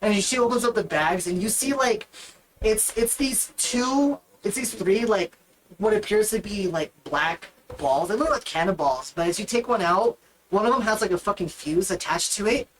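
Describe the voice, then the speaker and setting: A woman's voice: medium pitch, expressive, normal speed, a little hiss or hum, low-quality recording. A woman narrating a tabletop game as game master in a casual, rambling way. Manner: casual, rambling, with many fillers.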